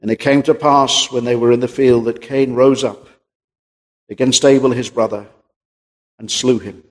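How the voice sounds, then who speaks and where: A man preaching a sermon, rising to high emphatic peaks and then dropping low and quiet. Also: fairly even intonation, moderate pace. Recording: long reverb of a large hall.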